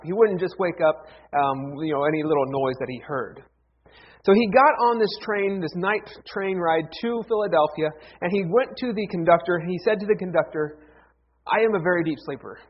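A man's voice: high-pitched, moderate pace, husky, highs cut off. A man preaching a sermon as pastor, telling jokes in a folksy, storytelling manner. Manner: folksy, joking storyteller with lively acted quotes.

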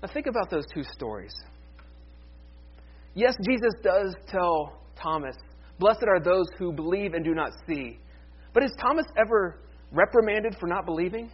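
Guy pastor with a high voice giving a chatty animated sermon, kinda muffled lo-fi sound. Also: slightly rough. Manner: conversational, animated, with playful paraphrases.

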